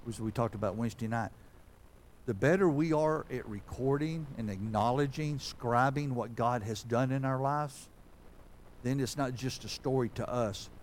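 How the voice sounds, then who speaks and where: A man's voice: mid-range voice, normal speed, a little hiss or hum. A male pastor delivers a sermon in a folksy, conversational way. His mid-range voice sounds like plain everyday speech. He builds to fervent, urgent preaching.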